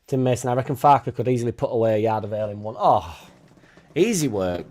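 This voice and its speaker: A man's voice: medium pitch, animated, fast, a little mellow. A man hosting a casual live stream, reading out chat and swearing freely as he talks. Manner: swears freely, chatty, tag questions like innit. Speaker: fan channel host reading live chat.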